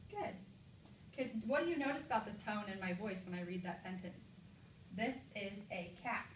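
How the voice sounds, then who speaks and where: A woman teacher leads a classroom mini lesson. She gives clear, encouraging prompts and reads example sentences slowly and with exaggeration. She is recorded from a distance in an echoey room, with a light hiss behind. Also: medium pitch, sing-song.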